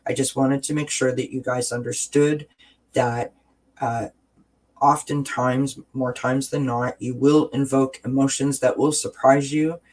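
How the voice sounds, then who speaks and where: A man's voice: mid-range voice, a little mellow, rough recording. Man, wellness stream host; earnest, encouraging, rambles with restarts, webcam audio. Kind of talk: casual livestream chat.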